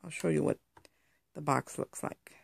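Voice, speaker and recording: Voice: mid-range voice, measured pace, gravelly, breathy edge, no echo, studio quality. A crafter chatting through a casual show-and-tell tutorial on handmade jewelry, rambling and explaining step by step.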